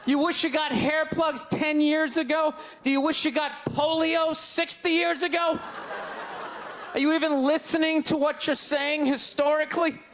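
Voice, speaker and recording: A man doing stand-up comedy, ranting loudly and incredulously, shouting his punchlines to an audience on stage with a handheld mic. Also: very high-pitched, level tone, normal speed. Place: large comedy venue on stage. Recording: live show with crowd laughter and noise. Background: audience laughing and groaning.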